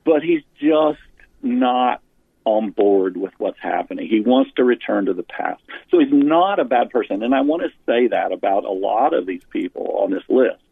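A low, gravelly man talks earnestly and at length, often restarting a phrase as he explains. His voice is husky and comes through a thin, phone-like line. The sound is dry and close. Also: lively intonation, normal speed, no room sound. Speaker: author and pastor guest. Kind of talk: interview about church leadership.

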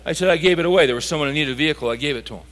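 Brief: high, bright-toned man preaching, animated, with long hall reverb behind him. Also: racing. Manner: animated, builds to emphatic peaks. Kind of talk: sermon. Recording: live talk in a reverberant hall.

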